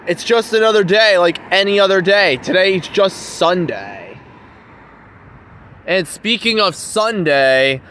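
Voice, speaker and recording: A man's voice: fairly high pitch, fairly bright tone. A young man ranting to his camera as he walks through town streets, repeating himself and often asking "okay?". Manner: repetitive, keeps asking "okay?" and "you wanna know why?". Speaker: vlogger. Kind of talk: ranting walking vlog. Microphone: handheld camera. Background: faint street and traffic ambience.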